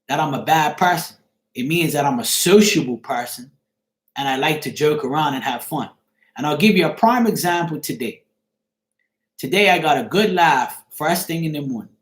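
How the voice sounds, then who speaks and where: In an echoey room, a middle-aged man with a fairly high voice rambles casually to his live stream audience. He repeatedly checks in with "you see what I'm saying."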